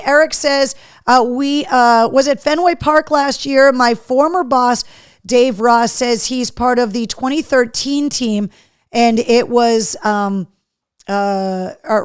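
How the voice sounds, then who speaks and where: A woman's voice: high voice, slow pace, clear, resonant tone, no room sound, studio quality. A woman hosting a live show in casual chat, talking easily and reading viewer comments aloud. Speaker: host.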